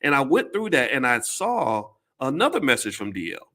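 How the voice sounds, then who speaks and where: This is a man with a middle-pitched voice, talking straight to his viewers in casual commentary. He is blunt and emphatic and swears now and then. He often stumbles, repeats a word and starts the sentence over. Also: big pitch swings, moderate pace, sharp tone. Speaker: commentator addressing his audience.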